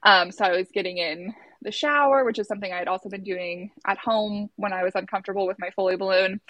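A woman's voice: mid-range voice, fairly bright tone, no room sound. Chatty woman telling a story, dry close sound. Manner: chatty, many filler "like"s, acts out quotes. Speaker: guest telling her birth story. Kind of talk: casual storytelling.

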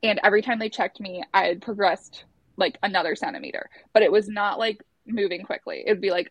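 A woman in her thirties telling a personal story in casual conversation, talking fast and loose with lots of "like" and acting out what others said. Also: medium pitch, no room sound. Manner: chatty, many filler "like"s, acts out quotes.

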